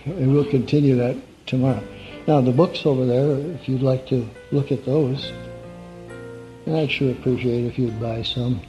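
A man's voice: medium pitch, steady tone, normal speed, faint music behind. Folksy man preaching an evening sermon. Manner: conversational, folksy, asks the audience questions. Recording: dull lo-fi recording.

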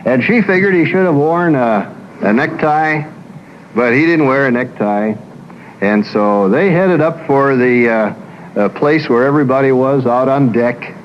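A man's voice: mid-range voice, a little slow, muffled recording, slight background noise. A man who works as a psychologist, giving a folksy lecture full of anecdotes and acting out the people he describes.

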